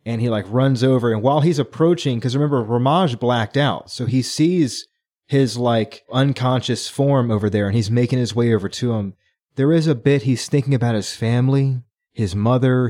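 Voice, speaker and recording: A man co-hosting a book podcast, eagerly retelling scenes and acting out the characters' lines. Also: mid-range voice. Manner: excited retelling with acted-out quotes. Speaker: podcast co-host. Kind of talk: casual book club chat.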